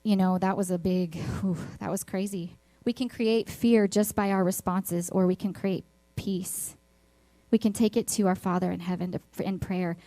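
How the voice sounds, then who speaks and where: A woman with a Texas accent preaches to an online congregation. She tells personal stories earnestly and leans on repetition for emphasis. Her voice sits at a middle pitch and sounds dry and close. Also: steady tone, moderate pace, mellow, no room sound. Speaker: church speaker.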